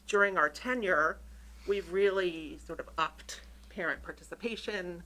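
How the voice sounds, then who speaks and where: A woman introducing herself as a school committee candidate, eager and a little nervous, talking quickly. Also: on the low side, sharp tone, low-quality recording. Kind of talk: prepared self-introduction at a public meeting. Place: town meeting room.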